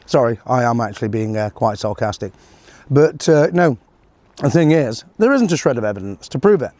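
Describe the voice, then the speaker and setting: A man's voice: mid-range voice, lively intonation, normal speed, darkish tone, no echo. A middle-aged man giving a sarcastic, rambling political commentary, full of fillers and chuckles. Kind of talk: casual solo commentary.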